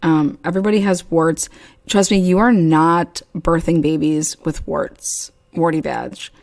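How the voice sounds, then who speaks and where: A woman's voice: deep voice, steady tone, a little slow, a little mellow. A woman hosting a casual livestream chat, telling crude stories and laughing often. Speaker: host.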